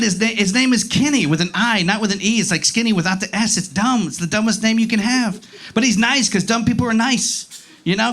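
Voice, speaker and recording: Bright, high-pitched ranting stand-up comic man. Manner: profane, exasperated ranting with crowd banter. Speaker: stand-up comedian. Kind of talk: live stand-up comedy set. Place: comedy club stage.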